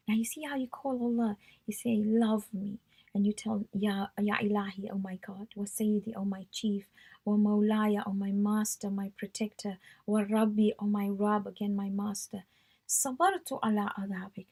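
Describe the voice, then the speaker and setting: A woman's voice: mid-range voice, fairly quick, creaky, darkish tone, husky. A woman teaching a religious workshop, reciting prayer phrases and translating them in an earnest, devotional way, often dropping to a whisper.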